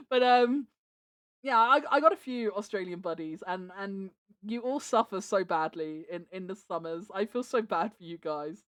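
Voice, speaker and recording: A woman's voice: mid-range voice, expressive, measured pace, a bit bright, no room sound, studio quality. A woman livestreaming from home, chatting casually with viewers, giggling and restarting her words as she talks into a desk microphone.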